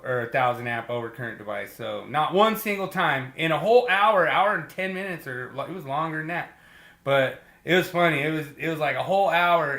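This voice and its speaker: Man host, bright forceful voice, animated and laughing, echoey room. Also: on the high side. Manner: animated and laughing, field-experience storytelling. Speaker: podcast host. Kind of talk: casual podcast discussion.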